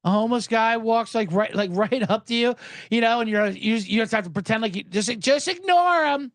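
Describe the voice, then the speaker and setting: A man's voice: very high-pitched, a little fast, no echo. A man hosting a podcast, ranting sarcastically with swearing and acted-out dialogue. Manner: animated, sarcastic, swears, acts out snippy dialogue. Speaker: podcast host. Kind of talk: comedic rant.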